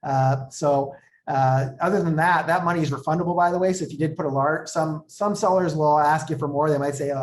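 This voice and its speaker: A man with a somewhat high voice speaks as a real estate coach on an interview show. He explains things conversationally and acts out bits of dialogue as he tells stories.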